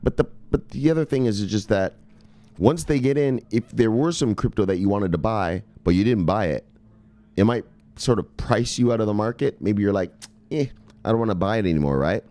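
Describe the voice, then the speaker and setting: A man with a low, mellow voice hosts a crypto news channel and talks like he is a little drunk. He reads from articles, trips over words, then launches into profane, pushy rants. The sound is dry with no room echo. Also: a little fast. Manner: rambling, swearing, pushy, gets louder and more excited; reads from articles, stumbles and corrects himself. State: tipsy. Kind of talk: casual profane market commentary.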